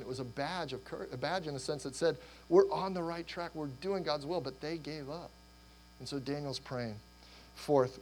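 A middle-aged man preaching a sermon, animated and rambling, with restarts and laughter, his voice going hoarse. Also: medium pitch, slight background noise, poor audio. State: losing his voice. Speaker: pastor.

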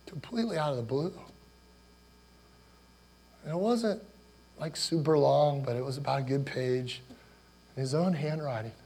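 A man's voice: on the high side, normal speed, pauses often, dark tone, husky. A man in his forties, a pastor from Ohio, giving a conversational sermon built on personal stories and questions to the congregation. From Ohio, USA. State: choked up with emotion.

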